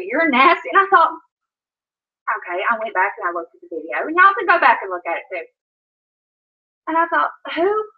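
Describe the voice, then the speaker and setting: Chatty woman with a lively high voice. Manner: chatty, scolding her dogs in baby talk. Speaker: vlogger. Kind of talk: casual livestream chat. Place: home kitchen. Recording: dull lo-fi sound.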